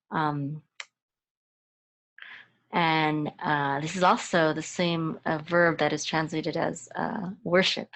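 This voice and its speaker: A woman with a slightly low voice gives a Hebrew reading lesson. She speaks very slowly, hesitating often and restarting her phrases as she sounds out each letter and vowel one by one. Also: a bit bright. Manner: patient, hesitant, many fillers and restarts; spells out sounds and syllables one by one. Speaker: Hebrew and Torah chanting teacher. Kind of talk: slow step-by-step reading lesson.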